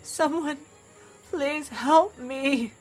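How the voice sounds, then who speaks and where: A woman's voice: medium pitch, animated, slow, soft background music. A woman voicing a frightened, wounded male archivist who cries out and pleads melodramatically. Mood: panicked wailing.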